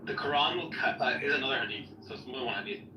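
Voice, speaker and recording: A man hosting a casual debate stream, joking and reading texts aloud in an animated way. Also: medium pitch, rapid-fire. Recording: echoey room from a distance, faint noise.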